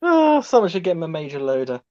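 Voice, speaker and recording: A man's voice: on the high side, wildly swooping pitch, quick pace, warm tone. A man laughing often while chatting on a call. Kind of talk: casual chat on a call. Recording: lo-fi call audio.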